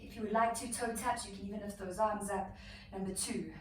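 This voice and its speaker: A woman's voice: medium pitch, steady tone, fairly quick, slight background noise. Breathless female yoga instructor, encouraging, counts reps; very echoey room, distant mic. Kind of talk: guided workout instruction.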